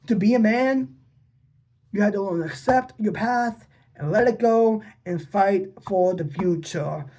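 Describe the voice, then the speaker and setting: A man's voice: high voice, darkish tone. Guy ranting into his vlog cam at his dad, keeps repeating himself, asks the same questions over and over. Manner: rambling and repetitive, with restarts and pleading questions. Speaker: vlogger addressing his father. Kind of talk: unscripted personal vlog monologue.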